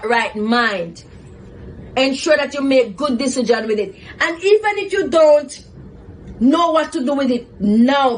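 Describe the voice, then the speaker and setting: High-pitched woman telling a story. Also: low-quality recording. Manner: animated, laughs often while telling a story. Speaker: host, psychotherapist. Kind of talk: casual storytelling monologue.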